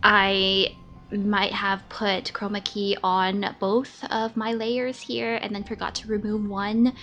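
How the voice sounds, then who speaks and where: A woman's voice: mid-range voice, level tone, slow pace, bright, forceful tone. A woman giving chatty, giggly, self-deprecating commentary while playing through a video game. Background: game music.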